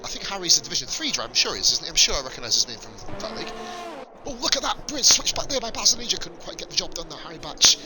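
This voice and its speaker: A young man giving live commentary on an online racing league, excitable and sweary, laughing at crashes. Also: high-pitched, very fast, low-quality recording. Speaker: esports race commentator.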